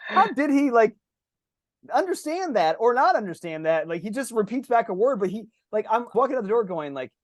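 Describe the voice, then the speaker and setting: Extremely high-pitched and very animated, this man talks briskly in a clean, echo-free studio recording. Co-hosting a casual podcast, he tells rambling stories full of "like" and performed quotes, cursing casually along the way.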